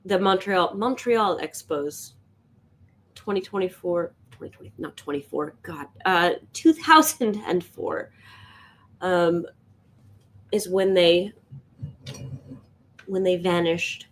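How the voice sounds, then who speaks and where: A woman's voice: fairly low pitch, unhurried, pauses often. A woman chatting casually and rambling while she sketches on a live stream. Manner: rambling, chatty, laughs often. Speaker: art streamer.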